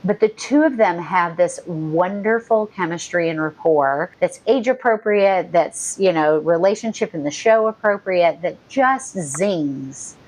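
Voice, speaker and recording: A woman with a fairly low voice co-hosts a podcast in easy, casual chat. She talks animatedly and frankly about what she has watched, with plenty of blunt asides. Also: measured pace, few pauses, low-quality recording. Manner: animated, frank, swears freely. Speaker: podcast co-host. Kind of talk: casual chat recapping a TV episode.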